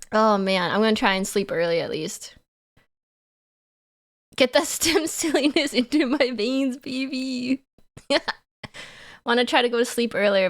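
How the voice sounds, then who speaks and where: Giggly woman streamer, higher voice. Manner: playful and giggly, chatty. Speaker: livestreamer. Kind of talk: casual livestream chat reading chat.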